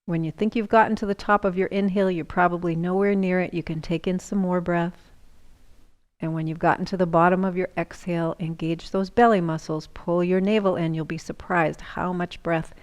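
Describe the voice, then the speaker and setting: A woman yoga instructor giving calm, slow breathing cues, sometimes dropping into a whisper. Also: lowish voice.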